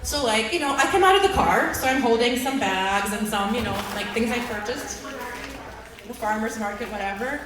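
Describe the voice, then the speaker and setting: A woman's voice: on the high side, expressive, normal speed, crowd noise. Chatty woman comic in an echoey room. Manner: chatty, filler-heavy, self-mocking, bursts into loud quoted outbursts. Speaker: stand-up comic. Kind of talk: stand-up storytelling. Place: open mic venue. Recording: echoey room, mic heard from far off.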